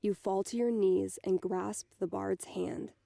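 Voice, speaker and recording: A woman reading a first-person novel aloud in a steady storytelling manner. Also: medium pitch, a little slow, gravelly, dry recording. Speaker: audiobook narrator.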